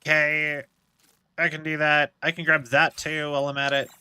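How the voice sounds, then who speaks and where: A man with a fairly high, very bright and sharp-edged voice rambles through casual gaming commentary. He thinks out loud and strings his thoughts together with plenty of filler words. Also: monotone, moderate pace, clear, resonant tone. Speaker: game streamer.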